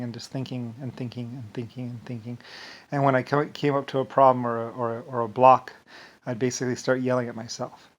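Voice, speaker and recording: A man in a loose, rambling monologue. He stumbles over his words, repeats them and restarts his sentences. His voice sits at an ordinary middle pitch, and he drifts off with filler as he goes. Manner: trails off with "anyway, whatever". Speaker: vlogger.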